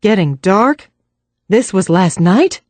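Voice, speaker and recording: A woman's voice: mid-range voice, unhurried, a little mellow, dry recording, close to an everyday voice. A woman doing a weary American businessman. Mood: worried. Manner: weary, blunt and eager. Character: worried middle-aged American businessman.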